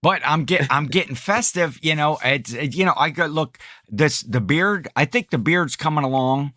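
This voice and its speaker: A man's voice: fairly high pitch, lively intonation, normal speed, sharp tone, no room sound, clean studio sound. A middle-aged man co-hosting a podcast in casual chat, rambling, self-correcting and laughing often. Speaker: podcast co-host.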